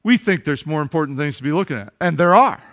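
A man with a high voice preaches a sermon to his congregation. He builds emphasis earnestly and asks his listeners rhetorical questions. When he speaks off the cuff, he repeats words. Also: animated, fast talker, fairly bright tone. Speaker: pastor.

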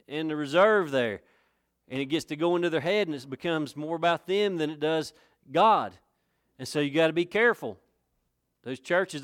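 A man preaching a sermon in a folksy, conversational way, rising to emphatic points. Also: on the high side. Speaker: pastor.

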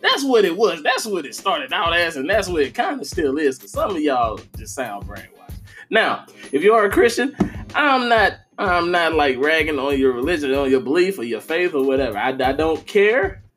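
A man's voice: on the high side, very animated, normal speed, a bit bright, soft background music. A man ranting about gaming fans in a heated, profane, casual style. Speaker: gaming commentator. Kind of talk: casual rant to camera.

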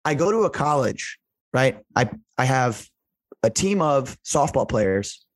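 A man's voice: medium pitch, very animated, measured pace, no room sound. A man, a strength coach, telling stories in casual conversation, rambling with lots of "like" and "right?", earnest and emotional. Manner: rambling, heavy use of "like" and "right?".

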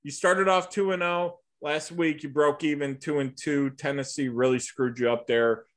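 A man's voice: fairly high pitch, steady tone, moderate pace. A man hosting a casual sports podcast, joking and cursing freely. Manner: joking and profane. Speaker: podcast host.

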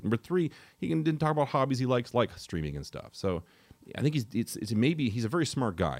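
A young man co-hosting a casual podcast, talking fast with lots of animated asides. His voice sits fairly low, and the sound is close and dry with no room echo. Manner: rapid, opinionated, animated asides. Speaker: podcast co-host.

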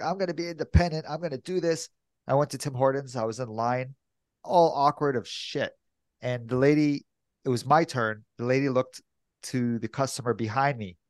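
Male co-host, mid-pitched, self-doubting rambler, dry booth sound. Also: no room sound. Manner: hesitant, self-doubting storyteller. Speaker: podcast co-host. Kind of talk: casual chat.

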